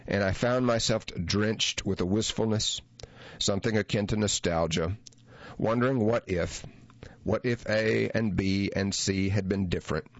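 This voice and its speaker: A man with a very low voice reads a memoir as an audiobook, measured and reflective in his delivery. The recording is close and dry, with a slightly dull, muffled tone to it. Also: no echo. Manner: measured, reflective first-person reading. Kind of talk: audiobook narration of a memoir essay.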